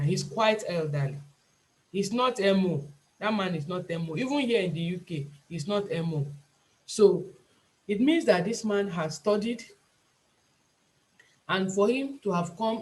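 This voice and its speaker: A woman's voice: on the low side, darkish tone. A Nigerian woman tutoring a class over a video call, talking in an emphatic, pleading way and often repeating herself. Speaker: IELTS tutor and nurse. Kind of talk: online class lecture.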